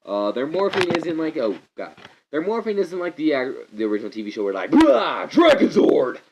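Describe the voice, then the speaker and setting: A man vlogging a rambling casual movie rant to his camera, digressive and animated, breaking into loud mock voices. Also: fairly high pitch, fast talker, slight background noise. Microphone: camera mic. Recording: dull lo-fi camera audio.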